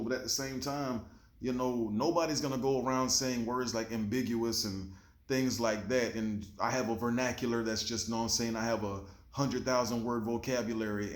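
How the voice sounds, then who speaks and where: A man's voice: medium pitch, reverberant. A man hosting his own show, giving a laid-back, slangy motivational talk straight to the camera and swearing freely. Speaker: show host.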